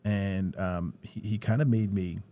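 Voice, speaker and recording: A man's voice: low-pitched, a little slow. A man hosting a podcast interview, telling stories casually and acting out the people he quotes. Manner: animated storyteller, acts out quoted dialogue. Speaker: podcast host.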